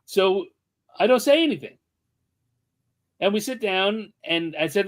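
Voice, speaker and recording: Guy telling a funny story, fairly high voice, acts out the quotes. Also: expressive, unhurried, long pauses. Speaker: guest artist and podcaster. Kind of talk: anecdotal storytelling in conversation.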